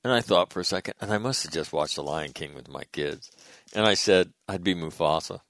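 A middle-aged man hosting a show, telling a story in a blunt, casual way with some swearing and lively retelling of conversations. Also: sits low, brisk. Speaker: show host.

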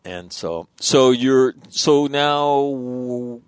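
A man's voice: medium pitch, expressive, drawn-out words, clean tone, dry recording, studio quality. A man hosting a casual interview, breaking in to explain terms for his listeners. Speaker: podcast host.

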